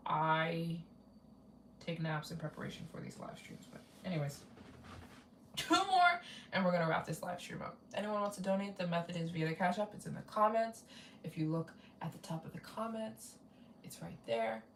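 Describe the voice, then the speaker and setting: A woman travel vlogger chats loosely through a late live stream, looping back over her points and reading out donations as they arrive. Her voice sits a little low and is heard from a distance in a roomy space, with faint ambience behind her. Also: expressive, normal speed, a bit bright, slight background noise. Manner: rambling, repeats herself, reads out donations. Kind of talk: casual live-stream chat.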